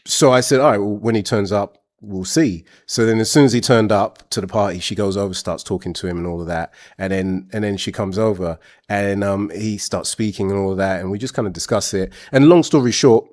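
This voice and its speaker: Man, low-pitched voice, blunt and frank, rambling casual anecdote, show host. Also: a little fast, hardly any pauses, darkish tone. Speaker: show host telling a personal story. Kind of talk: casual storytelling chat.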